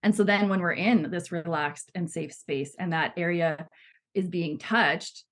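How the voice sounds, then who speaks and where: Woman in her thirties, podcast guest, lowish voice, chatty and laughs easily, lots of fillers. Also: a little slow. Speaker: guest, body psychotherapy student. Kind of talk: casual podcast conversation.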